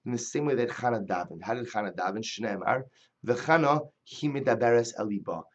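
A man's voice: medium pitch, brisk, muffled recording. A man teaching a Talmud lesson, reading the Hebrew and Aramaic text aloud and then explaining it in plain English. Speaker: Torah teacher. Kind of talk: Talmud class lecture.

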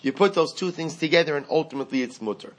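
A man's voice: on the high side, quick pace. A man giving a Talmud class lecture, explaining a passage in a singsong study cadence, repeating phrases and asking and answering his own questions. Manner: explains in a singsong study cadence, mixing Aramaic and Hebrew terms. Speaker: Talmud teacher.

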